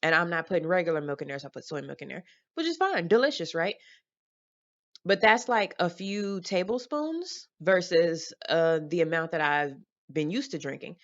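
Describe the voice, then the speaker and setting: A woman's voice: lowish voice, animated, normal speed, highs cut off. A woman talking to her camera in a casual home vlog, rambling candidly with fillers, swearing and laughter. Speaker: vlogger. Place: home room lit by daylight. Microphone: camera mic.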